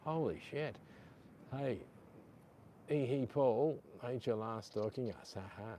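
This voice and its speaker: A man's voice: mid-range voice, slow, warm tone, slight background noise. A middle-aged Australian man chatting casually on a live stream, reading out viewer comments, with a lapel mic clipped to his chest. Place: outdoors on a beach.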